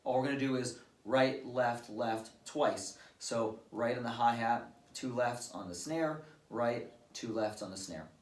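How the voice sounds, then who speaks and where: A man's voice: medium pitch, unhurried. A man patiently explaining drum stickings step by step, with casual fillers, as a drum teacher. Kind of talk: instructional drum lesson. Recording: roomy, distant-mic recording with drums. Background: drum kit played at times.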